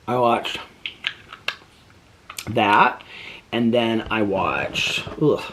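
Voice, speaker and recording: A man's voice: drawn-out words, a bit bright, a little hiss or hum. A man vlogging at home in a casual, rambling chat full of fillers, cooing to his pet between stories. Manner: chatty, rambling with many fillers; coos to his pet in high baby talk.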